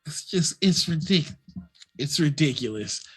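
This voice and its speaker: A co-host on a live stream, ranting fast and animatedly, swearing freely and stumbling over restarts. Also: mid-range voice, lively intonation, breathy edge. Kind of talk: casual live-stream chat. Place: at home, neighbors heard outside.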